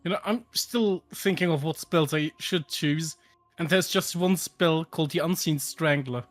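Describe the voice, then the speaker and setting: A man's voice: a little high, unhurried, no echo, faint music behind. Chuckling man with a dry close sound. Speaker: player. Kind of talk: casual tabletop game chat over voice call.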